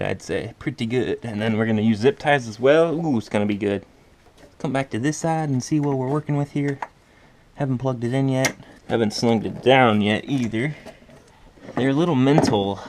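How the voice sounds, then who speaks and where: A man's voice: mid-range voice, creaky, darkish tone, slight background noise. A man talking casually through a car part install, muttering to himself and swearing while he works under the car. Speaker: car DIY vlogger.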